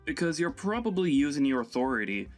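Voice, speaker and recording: A man's voice: on the high side, sing-song, fairly quick, faint music behind. A man voicing a grown son who scolds his overbearing mother in an exasperated way. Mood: scolding.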